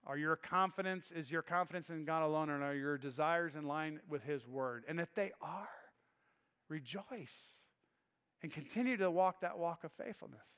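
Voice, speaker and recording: Earnest pastor preaching in a reverberant church. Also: male voice, fairly high pitch, normal speed, fairly bright tone, clean tone. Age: middle-aged. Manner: earnest, emotional storytelling with restarts. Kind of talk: sermon. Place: church sanctuary.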